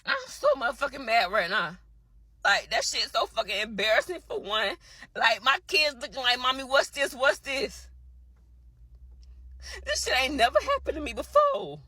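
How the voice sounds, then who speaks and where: A mother ranting furiously to camera, cursing and shouting about her landlord. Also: a little high, very animated, moderate pace, husky, no room sound. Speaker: tenant posting a video. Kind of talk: angry rant to camera.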